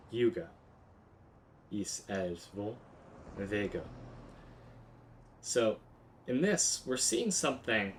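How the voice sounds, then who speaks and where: A man's voice: lowish voice, a bit bright, slight background noise. A man teaching a casual streamed language lesson, explaining grammar step by step with offhand swearing and frequent restarts.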